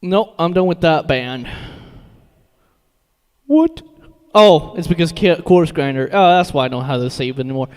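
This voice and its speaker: A man with a high-pitched voice rambles casually to his stream, swearing freely and laughing between thoughts. His voice carries a long, ringing reverb. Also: fairly quick, few pauses, smooth. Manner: rambling, profane, laughs often. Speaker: metal music streamer.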